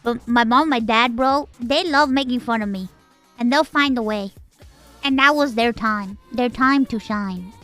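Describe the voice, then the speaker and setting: A woman's voice: on the high side, normal speed, bright, forceful tone, no echo, faint music behind. A woman streamer in casual livestream chat, bubbly, jumping between squeals and mumbles.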